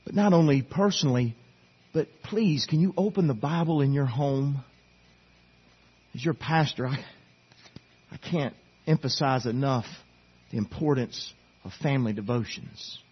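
A man's voice: mid-range voice, unhurried, long pauses, breathy edge, lo-fi sound. A middle-aged man preaching a sermon to his church as their pastor, earnest and pleading, urging them again and again. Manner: earnest, pleading, repetitive exhortation. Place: church sanctuary.

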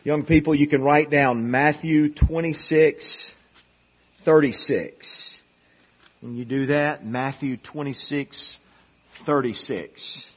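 A man delivers a sermon in a somewhat husky voice that sits a little higher than usual. He swings between loud, emphatic peaks and quiet, hushed passages, often restarting and repeating words. The recording sounds dull and muffled. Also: fairly even intonation, slow. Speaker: preacher.

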